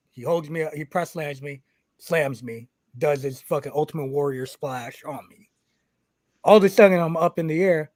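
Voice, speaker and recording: A man in a casual podcast, telling a wrestling story in a slightly high voice, full of swearing and acted-out exchanges. His voice is close and dry, with no room around it. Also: dry recording. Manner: animated, swears constantly, acts out quoted exchanges.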